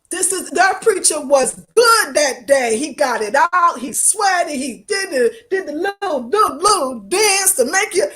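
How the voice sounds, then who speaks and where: Speaking at a measured pace with few pauses, this woman has a very high, expressive, fairly bright voice. She's a travel vlogger in her fifties, streaming to viewers in a casual, fervent way, repeating herself and answering them back in loose Black American vernacular.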